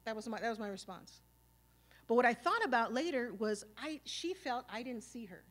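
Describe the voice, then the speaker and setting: A woman's voice: on the high side, moderate pace. A woman, speaking on stage at a symposium and telling stories in a casual, streetwise, profane way, full of "you know" and "like", and acting out old arguments. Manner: animated, acting out past arguments. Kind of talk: storytelling talk at a symposium. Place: stage at a live event.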